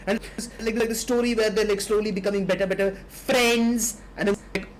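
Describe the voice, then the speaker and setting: A podcast co-host with a high male voice talks in a loose, casual way. He gets animated as he retells a story, slipping into quoted lines for the characters. A faint noise sits under the recording. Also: fairly quick, low-quality recording. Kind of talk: casual chat, retelling a manga.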